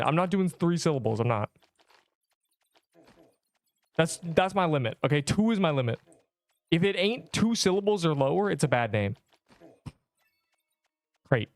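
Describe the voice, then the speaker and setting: A man's voice: a little high, big pitch swings, unhurried, long pauses, dry recording, studio quality. A young man chatting on a game livestream, rambling in slang and joking with mock outrage at his chat. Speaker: game streamer.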